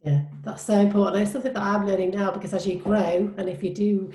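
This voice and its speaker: A woman's voice: mid-range voice, fairly even intonation, quick pace, mellow. A woman hosting an interview, asking questions in an encouraging, casual way. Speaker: interview host. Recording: roomy echo.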